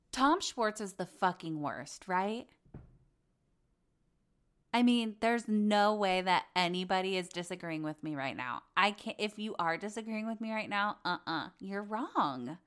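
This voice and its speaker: A woman's voice: medium pitch, fairly bright tone. A young woman hosting a podcast, gossiping about reality TV in a chatty, exasperated way with lots of "like". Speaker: podcast host. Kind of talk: casual reality TV recap.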